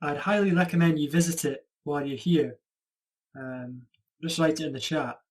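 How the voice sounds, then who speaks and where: A man's voice: a little high, normal speed, close to an everyday voice. A student actor playing a quirky, friendly Scotsman with a Scottish accent who teaches accents, talking over a video call. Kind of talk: online student theatre.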